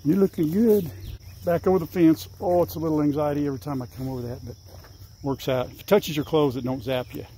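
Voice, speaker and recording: A man's voice: fairly high pitch, fairly even intonation, fast, mellow, a little hiss or hum. An older man chatting casually through a farm vlog outdoors, rambling and fondly coaxing his animals. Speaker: farm vlogger. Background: faint insects and crickets.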